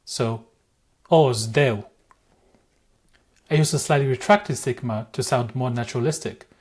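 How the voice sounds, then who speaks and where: A man giving an explanatory language lesson in a measured, careful way, pausing to demonstrate the pronunciation of words. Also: medium pitch, a little mellow, slightly rough. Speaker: language teacher.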